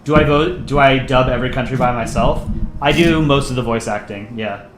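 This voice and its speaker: A man with a medium-pitched voice talks briskly against a noisy background. He's a livestream host and the channel's voice actor, casually chatting and joking through viewer messages in a rambling, self-deprecating way. The recording has a roomy echo and faint ambience.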